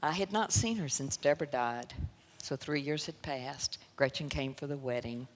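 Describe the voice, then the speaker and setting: Slight background noise sits under the bass voice of a woman with a Southern US accent, speaking at normal speed. She is a guest speaker offering an emotional personal testimony to a church audience, laughing and grieving by turns, with the sanctuary's long reverb audible.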